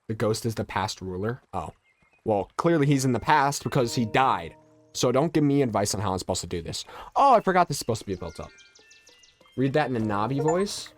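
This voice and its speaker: Male game streamer, congested and nasal, mid-pitched, casual and jokey, muttering asides to chat. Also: sing-song, brisk, faint music behind. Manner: chatty, loose and joking, muttering asides. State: stuffy and nasal from allergies. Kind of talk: casual live-stream chat, answering viewers.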